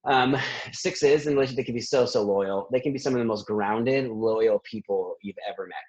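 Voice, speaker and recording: A man working as a therapist, talking in a lively conversational interview and laughing often between thoughts. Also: lowish voice, normal speed, breathy edge, muffled recording.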